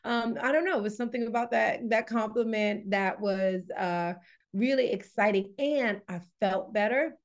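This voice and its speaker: A woman's voice: a little high, moderate pace, highs cut off. Woman, podcast guest, wellness coach, chatty storyteller, casual interview. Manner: lively storyteller, laughs often, many fillers.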